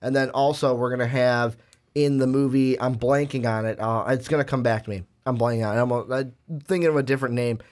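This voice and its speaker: In this casual movie chat, a young male podcast co-host speaks a little fast with a steady, medium-pitched, somewhat dark voice. He meanders through long stretches of restarts and fillers before building to pointed questions.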